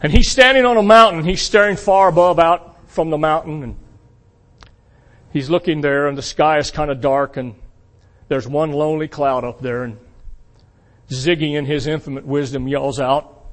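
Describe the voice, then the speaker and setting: A pastor preaches to his congregation with emphasis, posing rhetorical questions and swinging from loud peaks to quiet asides. His voice sits on the high side at a normal pace.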